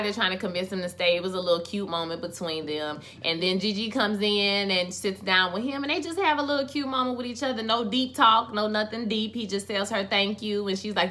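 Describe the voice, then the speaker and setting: A woman giving a casual, animated recap of a TV episode, full of sassy asides to the characters. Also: mid-range voice, quick pace, hardly any pauses. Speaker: TV episode reviewer.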